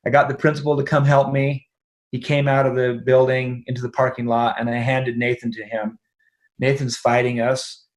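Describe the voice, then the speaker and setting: A middle-aged man, a guest on a podcast, tells a personal story at an everyday pitch. He is animated, voices the other people in it and laughs as he goes. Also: moderate pace. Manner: animated, acts out quoted dialogue, laughs often. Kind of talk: conversational storytelling.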